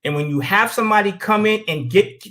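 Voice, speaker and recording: Brief: middle-aged man, podcast guest, blunt and profane, lively storyteller. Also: high voice, fairly quick. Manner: animated storyteller. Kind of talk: casual podcast talk.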